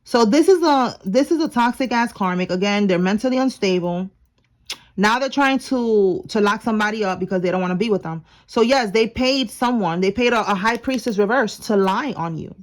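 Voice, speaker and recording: A young woman giving a casual tarot reading, slangy and animated, talking straight to her viewers. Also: mid-range voice, a little fast. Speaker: tarot reader.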